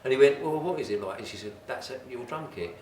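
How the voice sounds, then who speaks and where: An older man spins stories loudly in a casual chat and laughs easily. He sits a little back from the mic in an echoey shop, with a faint hiss under his voice. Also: mid-range voice, lively intonation, fast, far from the mic. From England. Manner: storytelling, loud, laughs easily. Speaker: drum shop owner.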